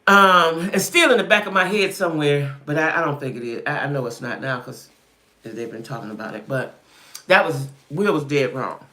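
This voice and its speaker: A woman's voice: sits low, normal speed, bright, forceful tone. A woman hosting a casual live stream, talking straight to her viewers, repeating herself for emphasis and answering their comments as they come in. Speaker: livestream host.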